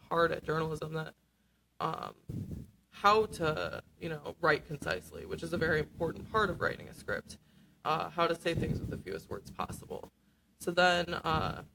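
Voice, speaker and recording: Earnest halting woman, faint noise. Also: low voice, creaky. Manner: earnest, halting, many fillers. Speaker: award-winning student scriptwriter guest. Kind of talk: radio interview answers. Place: radio studio.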